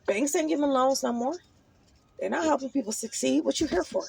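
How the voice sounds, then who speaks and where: A woman's voice: high-pitched, animated, brisk, creaky, darkish tone, a little hiss or hum, poor audio. A woman pressing her partner with repeated, preachy questions in a heated casual conversation inside a truck cab. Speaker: partner in a couple's argument.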